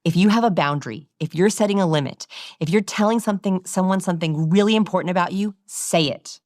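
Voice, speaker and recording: Low voiced woman researcher, animated interview talk, dry close mic. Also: fast, no room sound. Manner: animated, demonstrating vocal examples. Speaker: communication researcher and guest. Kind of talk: expert interview explanation.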